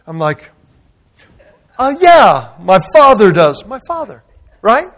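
A man preaching a sermon as guest pastor in a church, telling a story dramatically and swinging from loud outrage to hushed tenderness. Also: high voice, big pitch swings, unhurried.

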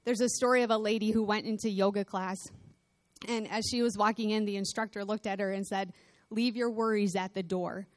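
A woman's voice: mid-range voice, steady tone, brisk, no echo. Woman preaching a chatty sermon, dry sound. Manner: conversational, laughing asides, storytelling. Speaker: pastor.

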